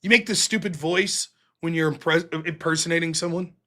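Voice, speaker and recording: A man's voice: a little high, fairly even intonation, normal speed, bright, forceful tone. A man hosting a livestream, ranting casually and profanely about a debate, laughing often. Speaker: livestream host.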